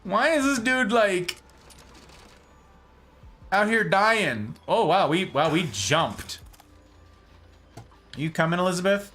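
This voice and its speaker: A playful young male streamer jokes his way through a game with theatrical flair. His bright, lively voice swoops up and down at an unhurried pace, with faint game music underneath. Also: sits high. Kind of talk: casual gameplay commentary.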